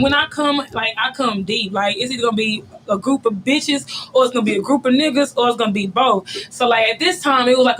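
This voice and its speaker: A high-voiced young woman rapper talks bluntly and profanely through her stories, laughing as she goes. Her casual interview chat has a faint hum of noise behind it. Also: a bit bright. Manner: blunt, profane storyteller who laughs often. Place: radio studio.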